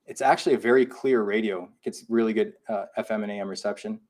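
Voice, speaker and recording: A man's voice: on the low side, fairly even intonation, quick pace, a little mellow. Man co-hosting a live paranormal podcast. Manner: reads listener comments aloud and reacts. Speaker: podcast co-host. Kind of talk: casual live podcast chat.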